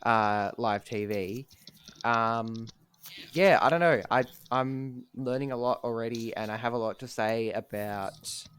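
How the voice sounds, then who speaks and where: A man's voice: mid-range voice, measured pace, fairly bright tone, smooth. A young man co-hosting a podcast, talking in a laid-back, self-deprecating way full of ums. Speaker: podcast co-host. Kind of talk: casual chat.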